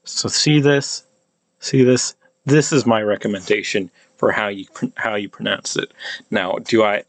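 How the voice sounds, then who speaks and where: A man casually explaining pronunciation, thinking aloud with many halting restarts. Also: fairly low pitch, no room sound. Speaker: language hobbyist explaining pronunciation.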